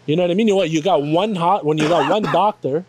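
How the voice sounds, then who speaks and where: Man with a somewhat high voice, rowdy animated storyteller for a podcast. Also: fast, slight background noise. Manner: animated, profane storytelling with acted-out quotes. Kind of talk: casual chat.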